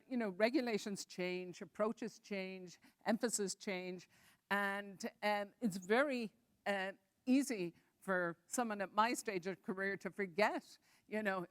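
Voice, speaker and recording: A woman on a panel discussion, speaking in a careful, measured way with some fillers. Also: medium pitch, no room sound, studio quality.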